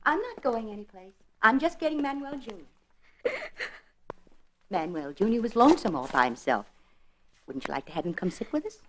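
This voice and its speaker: A woman's voice: fairly high pitch, big pitch swings, normal speed, long pauses, slight background noise. A tender, soothing mother. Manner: soothing, dropping to soft whispers. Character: tender, anxious young mother. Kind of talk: 1950s radio drama acting.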